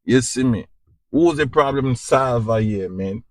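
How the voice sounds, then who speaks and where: Taking it slowly with long pauses, a medium-pitched man speaks on a dry recording. He is a podcast host with a Jamaican accent whose informal spiritual talk runs preachy and repetitive, and he often asks if you understand.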